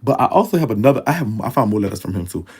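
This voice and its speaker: Talking at breakneck speed, this young Louisiana man speaks to his viewers in a very animated, low voice that's slightly rough and a little mellow. He curses and laughs freely in casual chat. The vlog is recorded up close on a phone or webcam.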